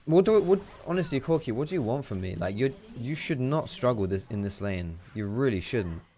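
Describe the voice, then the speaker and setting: A young man giving casual, excitable gameplay commentary, chatty and swearing freely. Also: medium pitch, a little fast. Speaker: gaming YouTuber.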